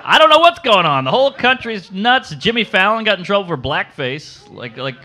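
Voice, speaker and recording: Animated stand-up comedian, man. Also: a little fast. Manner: punchy joke delivery, jumps into high-pitched character voices.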